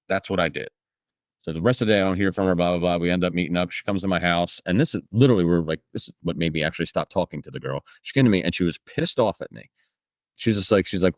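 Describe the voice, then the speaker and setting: A man's voice: low-pitched, rapid-fire, no room sound, studio quality. A man in his thirties co-hosting a podcast, telling a rambling story in casual chat with lots of fillers. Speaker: podcast co-host.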